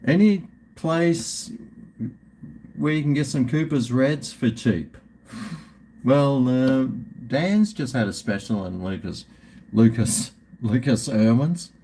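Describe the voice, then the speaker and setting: A man's voice: mid-range voice, lively intonation, slow pace, dark tone, a little hiss or hum. A middle-aged Australian man hosting a live stream, rambling and swearing in casual banter with his viewers.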